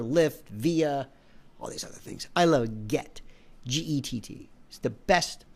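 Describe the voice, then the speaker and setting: On the high side and with vocal fry, a male host's voice carries an animated, sarcastic monologue that keeps drifting into digressions as he rambles through his stories.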